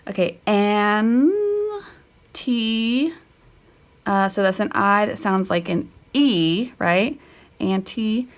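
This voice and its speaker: Slow, chatty woman teaching spelling. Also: medium pitch. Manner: thinking aloud, self-correcting, chatty asides. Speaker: homeschool teacher. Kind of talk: casual spelling lesson walkthrough.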